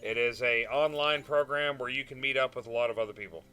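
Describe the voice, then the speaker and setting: A young man with a mid-range, steady voice talks fast with a bright, forceful tone while streaming a space game. He chats casually with viewers, answering chat and often trailing off into "uh" and "um."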